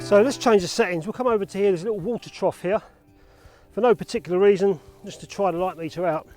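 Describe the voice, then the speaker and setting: A man with a high voice vlogs casually outdoors in fields about film photography, talking quickly, chatty and self-deprecating. He's out of breath from cycling, filmed on an action camera with music in the background.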